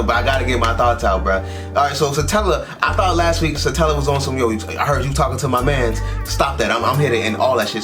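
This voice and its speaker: A young man hosting an anime reaction, talking back at the screen in loose, slangy, excitable commentary. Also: mid-range voice.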